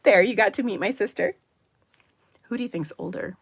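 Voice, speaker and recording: A slightly rough, mid-range voice at normal speed belongs to a Minnesota woman demonstrating card-making live from her craft room at home. She's chatty and upbeat, laughing often as she goes.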